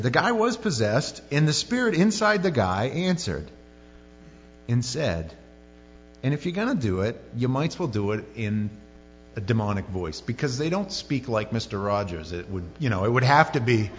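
A man's voice: medium pitch, sing-song, normal speed, a little hiss or hum. Joking male pastor in an echoing hall. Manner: conversational and joking, with many asides. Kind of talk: sermon. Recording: lo-fi sermon recording in a reverberant hall with faint music.

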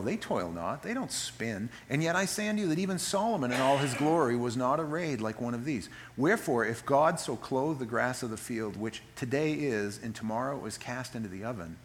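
A man preaching a sermon with a wide, swinging pitch that rises and falls as he makes his points. He slows down to read scripture solemnly, then drops into folksy, joking asides. A faint hum sits behind his voice. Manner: animated, reads scripture slowly and solemnly. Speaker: pastor.

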